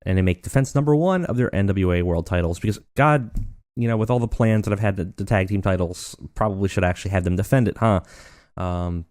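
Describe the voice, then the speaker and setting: Male let's-play host; casual, meandering commentary, low voice, dry close recording. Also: fairly quick, dry recording. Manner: relaxed, rambling, filler-heavy narration.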